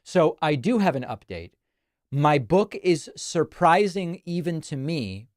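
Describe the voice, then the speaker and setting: A man's voice: mid-range voice, darkish tone, dry recording. A man from Argentina hosting a casual live stream, chatting and reading viewer comments aloud into a close studio mic. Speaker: host.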